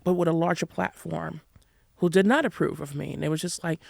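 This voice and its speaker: Here a podcast guest in her 30s from New York City recounts her endurance-running journey with frank, animated energy and plenty of laughter. Her voice sits low with vocal fry and moves fairly quickly, recorded in studio quality without any room sound.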